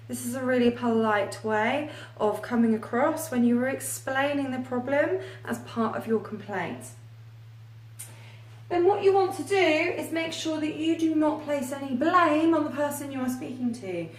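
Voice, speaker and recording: A woman teaching an English lesson, reading out example phrases slowly and carefully. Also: high-pitched. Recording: echoey room, voice a little far from the mic.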